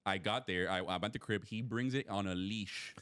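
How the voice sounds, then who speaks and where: A man's voice: lowish voice, moderate pace, crowd noise. Laid-back man telling a funny story. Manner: laid-back, slangy, laughs often. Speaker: podcast co-host. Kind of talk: casual chat, storytelling.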